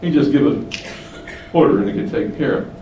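A man teaching the Bible, explaining and asking rhetorical questions, shifting his pitch for emphasis. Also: lively intonation, brisk, lo-fi sound. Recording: echoey room, distant mic, faint hiss.

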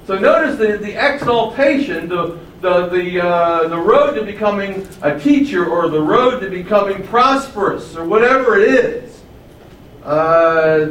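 A man's voice: high voice, a bit bright, slight background noise. A man preaching a sermon, stressing key phrases and rising on them. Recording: roomy echo from far off, faint ambience.

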